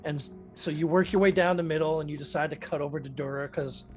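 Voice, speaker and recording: Guy running a d&d game, calm steady narration, slightly high voice. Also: faint music behind. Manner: describes scenes in steady, measured narration. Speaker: dungeon master.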